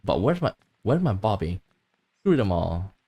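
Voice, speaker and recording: A man's voice: low voice, sing-song, unhurried, warm tone, husky, heavily acted. A man reading aloud the lines of a bitter, possessive mother in a game, grieving her missing son and lashing out. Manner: resentful, lashing out in grief.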